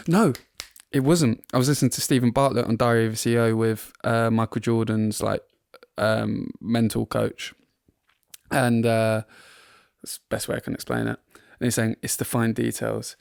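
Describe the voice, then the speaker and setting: A man from England with a creaky, medium-pitched voice co-hosts a football podcast from his front room. The recording is dry and studio quality, and he chats casually, rambles, and laughs often.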